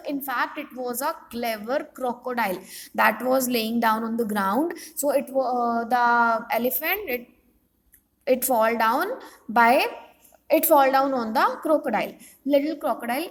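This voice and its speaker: High-voiced Indian English teacher in an echoey room. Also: female voice. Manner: repeats and rephrases, many fillers, mixes in Hindi. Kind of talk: explaining a children's story in class video.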